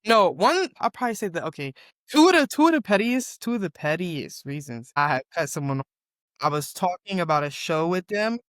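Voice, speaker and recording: A woman's voice: fairly low pitch, a little fast, dry recording, clean studio sound. Chatty, profane Southern woman co-host. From Southern United States. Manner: self-described yapper, animated and profane storytelling. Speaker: podcast co-host. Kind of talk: casual chat.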